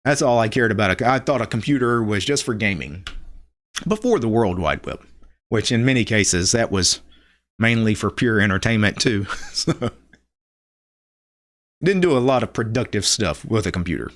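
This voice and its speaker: A man's voice: fairly low pitch, expressive, moderate pace, pauses often. A middle-aged man from Louisiana with a Louisiana accent, hosting a casual live stream, chatting loosely, laughing often and reading viewer comments aloud.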